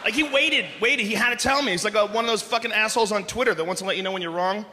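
A man doing live stand-up comedy, ranting loudly and animatedly with lots of profanity. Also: high-pitched, rapid-fire. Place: large theater stage. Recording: echoey hall with audience noise.

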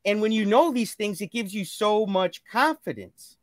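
A man with a fairly high voice speaks in an earnest, preachy, motivational way, circling back to the same points again and again. The sound is dry and close, with no room echo. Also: animated, normal speed. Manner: earnest, preachy, repeats phrases. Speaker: guest. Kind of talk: motivational casual chat. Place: live stream call.

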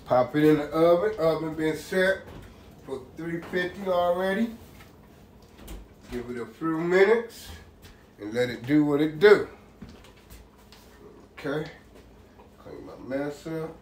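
Slow, easygoing man cooking at home. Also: a little high, expressive, a little hiss or hum. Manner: laid-back, talks to viewers as "y'all". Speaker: home cook vlogger. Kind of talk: casual cooking vlog. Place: home kitchen. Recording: roomy kitchen with faint background ambience.

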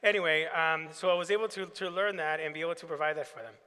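A man's voice: fairly high pitch, steady tone, fast talker, sharp tone, clear, resonant tone. A man, a pastor, giving a keynote and telling anecdotes, acting out the dialogue in them. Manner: anecdotal, acts out quoted dialogue. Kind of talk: keynote storytelling to an assembly. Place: large assembly hall. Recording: long hall reverb.

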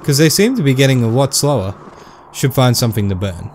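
A man's voice: mid-range voice, lively intonation, fairly quick, a little hiss or hum. A man giving casual let's-play commentary, chatting and reacting aloud as he plays. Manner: chatty, reacts aloud and reads game dialogue. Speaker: game commentator.

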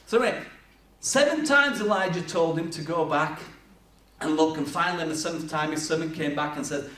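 A man's voice: a little high, fairly quick. A man preaching a sermon, telling stories with humor and acting out voices. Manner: lively storytelling with acted-out voices and humor. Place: church hall. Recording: echoey church hall from far off.

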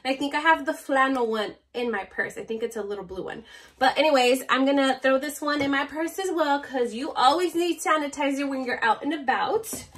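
A woman's voice: sits high, fairly quick, a bit bright. A woman with a Spanish accent, a native Spanish speaker, chatting casually and gushingly as she unboxes beauty products. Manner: bubbly, gushing, laughs often. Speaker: beauty vlogger.

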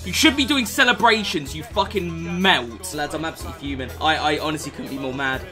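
A young man commentates on his own gameplay in a high, sharply bright voice. He swears constantly and lurches between grumbling under his breath and loud outbursts. Faint music plays behind him. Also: a little fast. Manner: swears constantly, swings from low muttering to shouting. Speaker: gaming YouTuber.

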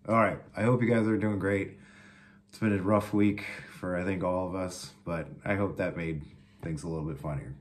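Low-voiced man telling a funny story. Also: moderate pace. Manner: animated, jumps high when quoting kids. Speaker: vlogger. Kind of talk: casual storytelling to camera.

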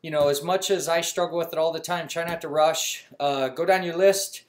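Briskly and in a higher-than-average male voice, a man hosting a mechanics channel recounts an amusing personal story in a casual way. There are lots of fillers and false starts, and quoting himself brings out animation.

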